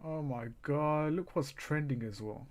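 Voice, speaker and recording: Hosting a football watchalong stream, this man sounds exasperated as he groans and rants about the game and addresses his chat viewers directly. He speaks a little slowly, in a slightly high voice with a darkish tone.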